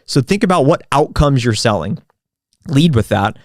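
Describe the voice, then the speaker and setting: A man's voice: mid-range voice, expressive, normal speed, no room sound, clean studio sound. A man who is a sales expert, giving direct, step-by-step advice in an interview. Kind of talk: instructional interview answer.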